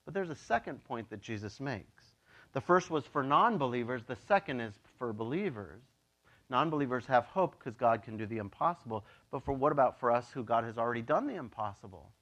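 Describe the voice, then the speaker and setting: A man preaching a casual, joking sermon as a pastor, chatty and animated, acting out voices in his stories. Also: mid-range voice, a little fast. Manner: chatty, with many "like" and "you know".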